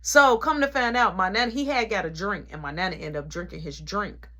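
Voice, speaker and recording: A woman telling a casual story, animated and full of reported speech. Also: mid-range voice, fairly quick.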